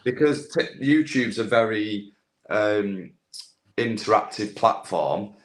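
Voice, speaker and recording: Chatty man, low voice. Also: animated, slow pace. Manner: chatty, rambling, many fillers and restarts. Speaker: guest, landscaping business owner with a social media following. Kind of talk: casual chat.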